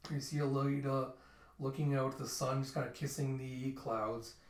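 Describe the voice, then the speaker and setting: A man's voice: mid-range voice, fairly even intonation, moderate pace. A man casually narrating a manga readthrough, describing panels as he goes. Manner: casual, narrating panels with "you see" and "he's like". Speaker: channel host reading a manga aloud. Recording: roomy echo, mic at a distance.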